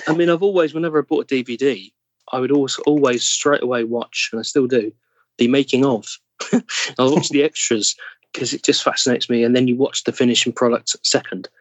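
A man's voice: mid-range voice, fairly quick, no room sound. An English man, an actor, chatting as a podcast guest in a thoughtful way, often searching for words and trailing off. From England. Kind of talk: casual interview chat.

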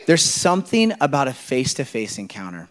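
A man's voice: medium pitch, huge pitch swings, fairly quick. A man in his thirties preaching to a church congregation, telling personal stories in a loose, conversational way full of asides and fillers. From Kenya. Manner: conversational, rambling storyteller with frequent "like" and "you know". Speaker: pastor. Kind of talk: sermon.

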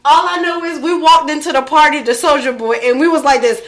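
A young woman from the Hartford, Connecticut area in casual chat, telling a story loudly and profanely with plenty of laughter. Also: high-pitched, fairly quick, very noisy.

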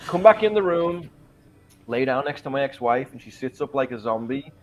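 A man's voice: medium pitch, animated, moderate pace, a crowd in the background. A man in his forties, a pastor, telling his conversion story in an interview, earnest and emphatic. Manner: earnest and emphatic, quoting his own prayers. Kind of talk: personal testimony in a podcast interview.

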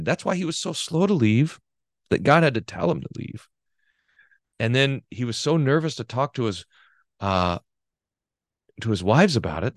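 A pastor leads a Bible class in a lively, conversational way, reading quotations aloud with emphasis and commenting on them, often restarting. His voice is mid-range, captured in studio quality with no echo.

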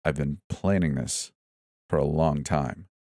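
A man voicing a cold, menacing young boyfriend who speaks slowly and with unrelenting calm in a spoken horror story. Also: extremely low pitch, creaky, no room sound, studio quality.

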